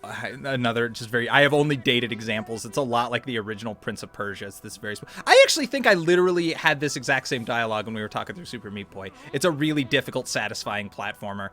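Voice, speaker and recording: A man's voice: mid-range voice, expressive, fast, few pauses, fairly bright tone. A man co-hosting a gaming podcast, chatting casually and rambling while watching gameplay, swearing and laughing often. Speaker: podcast co-host.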